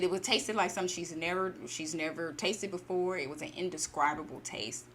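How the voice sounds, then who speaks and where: Woman, low-pitched, animated storyteller, faint background noise. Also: normal speed. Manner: animated, acts out character lines. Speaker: storytelling host. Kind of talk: casual story retelling.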